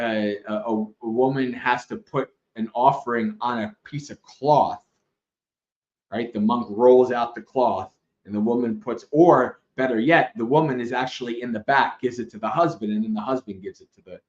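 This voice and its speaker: A man teaching Dhamma on a livestream, telling a story with lively asides and frequent laughs. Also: mid-range voice. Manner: animated storyteller, laughs often, loose asides. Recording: roomy, slightly dull livestream audio.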